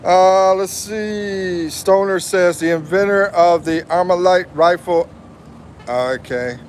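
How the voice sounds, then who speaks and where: A slow-talking American man in his fifties chats easily on a livestream and answers viewers one by one. His voice sits a little high for a man, with faint street noise behind him. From USA. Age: 50s. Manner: slow, chatty, reads viewer comments aloud and laughs often. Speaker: livestream host. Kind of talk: casual livestream chat.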